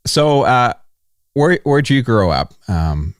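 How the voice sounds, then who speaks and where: A man's voice: medium pitch, sing-song, slow, dry recording, studio quality. A man hosting a podcast interview, asking casual questions and cheering on his guest. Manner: enthusiastic, affirming interviewer. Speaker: podcast host.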